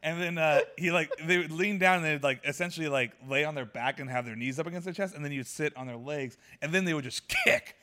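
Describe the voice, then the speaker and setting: A man's voice: fairly high pitch, quick pace, hardly any pauses. A man in casual chat, telling childhood stories with frequent laughter. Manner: animated storyteller, laughs often.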